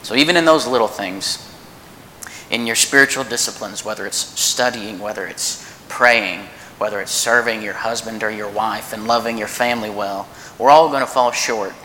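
In a church meeting room, a man in his thirties filling in as preacher shares a personal story as an informal sermon. His bright, forceful voice stays earnest and conversational despite frequent restarts and pauses; it's captured distantly in the reverberant hall over faint background rumble.

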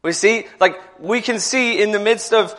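A man's voice: high-pitched, normal speed, fairly bright tone. A man preaching a sermon in a church, talking conversationally, repeating words, and building to emphatic passages. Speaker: pastor.

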